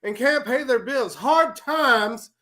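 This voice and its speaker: A man doing an impression of a fiery old-school male wrestler cutting a promo, preaching with drawn-out emphasis and a voice pushed far above his own. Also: very high voice, lively intonation, sharp tone, voice pushed up, exaggerated voice.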